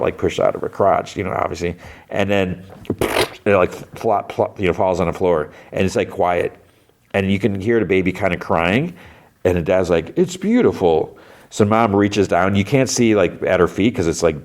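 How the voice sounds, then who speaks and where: A man hosting a podcast, retelling an episode in a rambling, casual way, full of "like" and "you know". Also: sits low. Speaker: podcast host.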